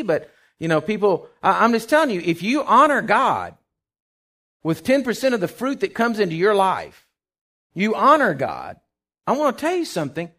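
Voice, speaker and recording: A middle-aged male pastor with a high-pitched voice preaches a sermon, recounting a personal story with acted-out quotes and sudden shouts.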